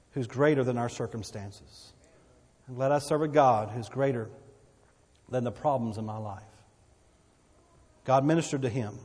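A man's voice: medium pitch, a little mellow. A pastor delivering an emphatic sermon in a church, often repeating words as he builds his point. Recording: reverberant hall.

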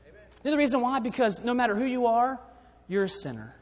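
A man delivers a sermon in a high voice, his words ringing on in a long reverb. He often drops to quiet emphasis, then lifts again as he preaches to the congregation. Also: animated, fairly quick. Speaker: pastor.

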